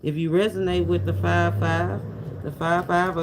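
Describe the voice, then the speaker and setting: A man's voice: high-pitched, flat delivery, normal speed, noisy background. A man giving a casual tarot reading to viewers, talking in a loose, repetitive, preacher-like rhythm with asides to the audience. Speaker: tarot reader.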